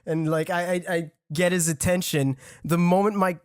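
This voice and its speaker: A man's voice: sits high, flat delivery, moderate pace, darkish tone, clean tone, no room sound, clean studio sound. A young man in his twenties with a French accent, a native French speaker, telling a rambling, profane story in casual podcast chat with frequent laughs. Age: 20s. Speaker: podcast guest.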